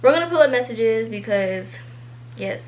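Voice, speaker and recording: A woman's voice: a little high, expressive, moderate pace, darkish tone, a little hiss or hum. A teenage girl telling a casual storytime, chatty and full of fillers, livening up when she quotes people. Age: teens.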